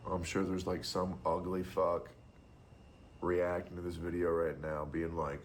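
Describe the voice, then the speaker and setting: A man's voice: sits low, flat delivery, unhurried, a little hiss or hum. A man streaming, musing in casual talk and swearing with disgust.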